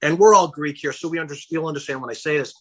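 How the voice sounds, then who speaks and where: A middle-aged man being interviewed on a casual podcast, telling his story in an animated way and acting out the dialogue he quotes. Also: on the high side, rapid-fire, slightly rough. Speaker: guest, campaign founder.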